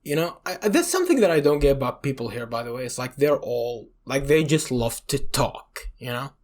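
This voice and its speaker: A man's voice: medium pitch, big pitch swings, a little fast, darkish tone. A young man from Iraq co-hosting a podcast, telling stories in a rambling, swear-filled way and leaning on "you know". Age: young adult. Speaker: podcast co-host. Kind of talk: casual chat.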